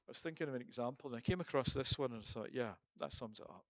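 A man's voice: mid-range voice, fast, fairly bright tone, dry recording. A man preaching a sermon and then leading a prayer, emphatic, with rhetorical questions and repeated phrases.

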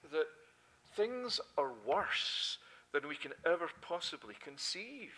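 A man preaching a sermon with a lilt, swinging between loud, fervent emphasis and soft, hushed passages. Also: a little high. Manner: impassioned, rising to loud emphasis then dropping to soft quiet.

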